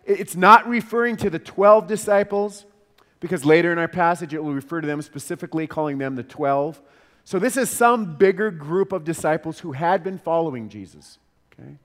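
A man preaching a sermon as pastor, earnest, often repeating words for emphasis and voicing the crowd in quick asides. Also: on the high side, long reverb tail.

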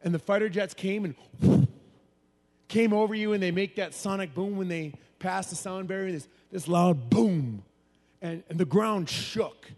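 A man preaching a sermon, moving between hushed, low passages and loud, animated bursts. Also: measured pace. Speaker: pastor. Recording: long hall reverb.

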